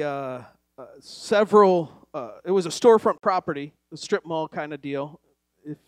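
A man's voice: high-pitched, dry recording. Male pastor, raised voice, dry close sound, preaching to a church crowd with growing fervor. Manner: storytelling, building to loud call-and-response exhortation. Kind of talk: sermon. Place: church before a congregation.

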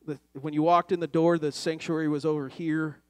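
A man preaching a sermon to a church congregation, telling a story and then building to loud call-and-response exhortation. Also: a little high, flat delivery, brisk, clear, resonant tone, no room sound. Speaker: pastor.

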